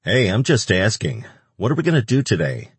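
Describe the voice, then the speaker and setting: A man's voice: lowish voice, huge pitch swings, a little fast, breathy edge, no echo, pitched above the performer's own voice, full character voice. A man voicing a cheerful, playful male angel who teases his friend. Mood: teasing. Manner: teasing and upbeat.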